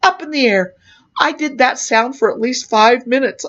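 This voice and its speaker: A middle-aged woman telling a personal story as a clown, animated, acting out the other people in it. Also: sits high, moderate pace, heavy background noise. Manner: animated, voices others in the tale. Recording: dull lo-fi recording.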